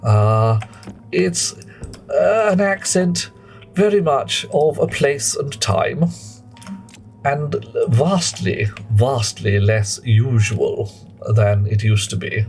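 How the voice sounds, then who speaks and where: Male streamer, rambling and self-mocking, low register. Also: slow, a little mellow, soft background music. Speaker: game streamer. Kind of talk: live gameplay commentary and chat.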